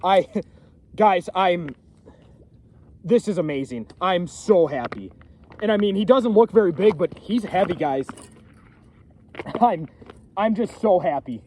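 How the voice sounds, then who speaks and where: Halting outdoorsman, slightly high voice. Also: animated, dark tone, slight background noise. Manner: halting, full of fillers and restarts. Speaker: first-time trapper. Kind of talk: casual outdoor vlog talk. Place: outdoors on a frozen pond. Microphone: camera set on a pack basket a few feet away.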